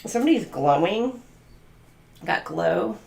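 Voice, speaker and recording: A woman's voice: medium pitch, very animated, takes it slowly, a little mellow, roomy sound. A woman doing a channeled tarot reading, musing aloud and free-associating letters, numbers and words. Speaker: tarot reader.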